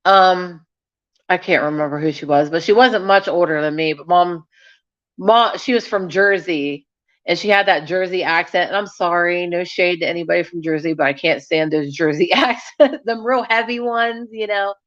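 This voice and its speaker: This livestream host has a fairly low-pitched voice and talks at a normal speed, though the recording is muffled. She rambles chattily through stories and viewer comments, often using fillers and starting over.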